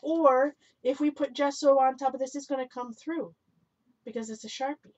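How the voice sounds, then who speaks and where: A woman's voice: high-pitched, fairly even intonation, normal speed, darkish tone. Chatty woman on a dull lo-fi stream. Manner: chatty, self-correcting, bursts into laughter; reads viewer comments aloud. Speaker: live-stream host. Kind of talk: casual chat while crafting. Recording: dull lo-fi recording.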